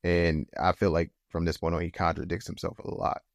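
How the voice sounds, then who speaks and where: A man's voice: low voice, flat delivery, a little fast, no room sound, studio quality. A man co-hosting a podcast in casual chat, heated and emphatic, talking in loose, repeated phrases with many fillers. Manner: heated, rising to emphatic outbursts. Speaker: podcast co-host.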